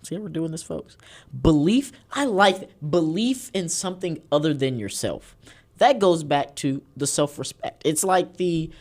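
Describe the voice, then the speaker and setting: A man's voice: on the high side, lively intonation, moderate pace, a little mellow. Joking Southern podcast host, man. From Houston, Texas. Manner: joking, rambling, theatrical emphasis. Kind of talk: casual political podcast chat.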